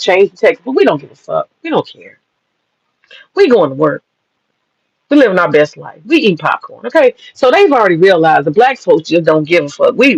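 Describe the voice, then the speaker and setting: A man delivers blunt, profane, emphatic commentary. His voice sits high with a gravelly, husky edge. It is recorded dry and dull. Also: no room sound. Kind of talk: casual commentary. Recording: dull lo-fi sound.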